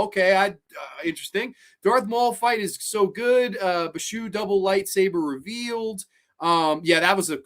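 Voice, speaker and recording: A host in their late twenties, chatting casually on a live stream, animated, swearing freely and often restarting sentences. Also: medium pitch. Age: late 20s. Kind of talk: casual live stream chat, reacting to viewer comments.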